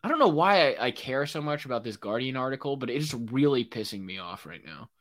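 A young man hosting a solo podcast, ranting excitably in casual speech, with lots of fillers and swearing. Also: mid-range voice, a little fast, few pauses. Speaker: podcast host. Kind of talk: solo rambling podcast monologue.

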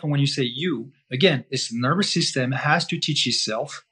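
A man's voice: medium pitch, normal speed, few pauses, a bit bright, breathy edge. A man being interviewed as a guest, teaching in an emphatic, repetitive way and often asking himself rhetorical questions. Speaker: guest breath-holding teacher. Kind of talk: explaining in conversation.

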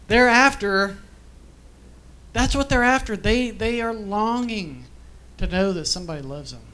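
Taking it slowly, this man speaks in a high-pitched, sharp voice with lively intonation. He gives an informal church teaching through chatty storytelling laced with asides and fillers, briefly getting emotional and choked up.

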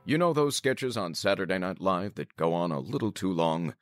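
A man's voice: sits low, very animated, normal speed, over loud music. A man announcing the show with a scripted, mock-serious comic promo.

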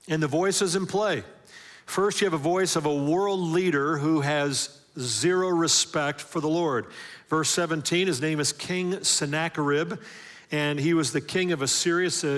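A man preaching a sermon with emphatic call-and-response questions, swinging from loud, driving lines to hushed ones. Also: a little high, in a large hall. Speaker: pastor.

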